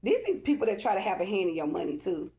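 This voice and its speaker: A woman's voice: mid-range voice, very animated, fast talker, dark tone, slight background noise. Woman, tarot reader, casual spiritual reading, chatty, emphatic, repetitive, addresses viewers directly. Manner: repeats herself, loose colloquial phrasing.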